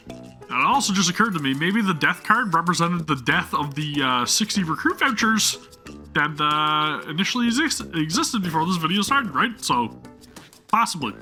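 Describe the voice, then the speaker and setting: A man's voice: fairly high pitch, animated, brisk, pushed and bright, soft background music. A man reading a game's story aloud, breaking off for chatty, self-deprecating asides to his viewers. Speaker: gameplay streamer.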